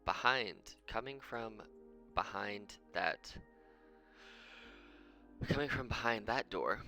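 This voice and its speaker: A man's voice: fairly low pitch, takes it slowly, gravelly, pauses often, pushed and bright, faint music behind. A man running a tabletop game as game master, rambling as he thinks aloud and counts out moves under his breath.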